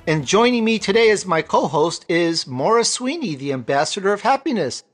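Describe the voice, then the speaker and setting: A man's voice: high voice, lively intonation, normal speed, soft background music. A man hosting a talk show, introducing guests with enthusiasm. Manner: enthusiastic, exclaiming. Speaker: host. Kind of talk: upbeat podcast hosting.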